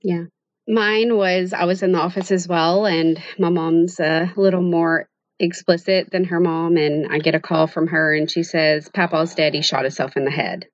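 A woman's voice: fairly low pitch, steady tone, normal speed, no echo, muffled recording. A young adult woman co-hosting a podcast, telling a family story in a matter-of-fact way, leaning on "you know". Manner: matter-of-fact, filler-heavy. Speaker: podcast co-host. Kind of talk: casual storytelling chat.

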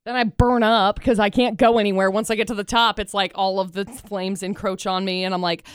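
A woman co-hosting a radio after-show, telling an animated story in casual chat and acting out little voices. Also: mid-range voice, a little fast, clear, resonant tone, no echo, clean studio sound. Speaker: radio co-host.

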